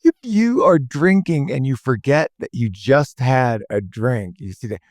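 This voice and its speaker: A man's voice: medium pitch, animated, measured pace, darkish tone, dry recording, studio quality. A man hosting a podcast, easygoing and joking, laughing often. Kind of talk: casual chat.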